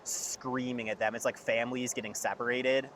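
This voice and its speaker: A young man tells a long story in loose, casual chat, packing his sentences with "like". His voice sits at an ordinary middle pitch. Faint traffic noise hums behind him. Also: level tone, normal speed, a bit bright. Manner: rambling storyteller, heavy use of "like". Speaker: podcast guest.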